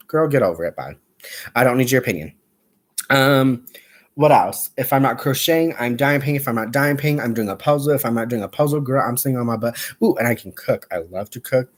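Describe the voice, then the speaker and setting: Man, craft livestream host: sassy, gossipy, mid-pitched, chats with viewers. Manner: chatty and sassy, with playful asides. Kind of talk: casual livestream chat.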